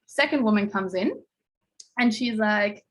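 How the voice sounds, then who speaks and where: A woman's voice: medium pitch, a little slow, low-quality recording. A woman mindset coach giving a casual talk to a group, telling stories in a chatty way and acting out what people said. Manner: chatty storytelling, acting out quotes.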